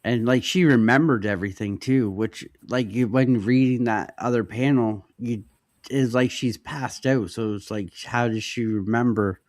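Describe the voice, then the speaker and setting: A man co-hosting a casual podcast, calmly retelling scenes and inviting the others to speak. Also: medium pitch, moderate pace, dry recording, studio quality. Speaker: podcast co-host. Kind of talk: casual comic-book discussion.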